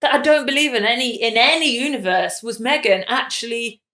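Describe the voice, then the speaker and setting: A woman's voice: a little high, brisk, pushed and bright, echoey room. A woman in casual podcast chat, giving her opinions and reasoning them through.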